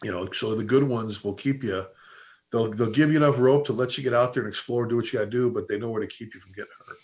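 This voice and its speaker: A middle-aged man talks fast in a loose, casual chat. He tells firehouse stories with a lot of energy and keeps restarting his sentences as the thoughts pile up. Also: mid-range voice. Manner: rapid, animated storyteller who restarts sentences and quotes old bosses. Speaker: podcast host and fire service instructor.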